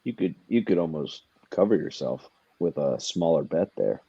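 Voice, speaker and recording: A man's voice: a bass voice, expressive, normal speed, vocal fry, dark tone, breathy edge, dry recording, lo-fi sound. A man co-hosting a podcast, making his case for sports bets in casual chat, emphatic and repeating himself for effect. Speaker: podcast co-host.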